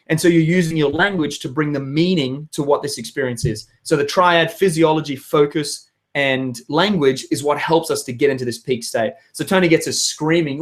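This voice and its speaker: Hoarse, energetic motivational man. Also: fairly high pitch, moderate pace, hardly any pauses. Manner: energetic, emphatic, bursts into loud shouts. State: hoarse, losing his voice. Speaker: vlogger. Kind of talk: motivational talk to viewers.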